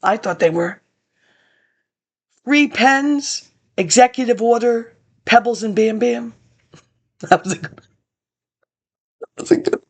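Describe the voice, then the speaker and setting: A woman's voice: on the high side, slow pace, long pauses. A woman giving a rambling spoken commentary, drifting into digressive asides and talking back to people who aren't there. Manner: digressive, talks to absent people, frequent laughs and asides; reads from old documents between tangents. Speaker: webinar presenter.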